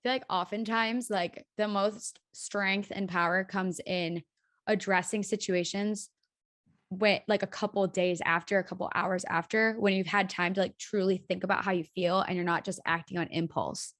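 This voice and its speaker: A woman's voice: mid-range voice, steady tone, normal speed, a bit bright. A woman hosting a chat podcast, talking in a supportive, reflective way with many "like" fillers. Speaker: podcast host. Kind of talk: casual chat.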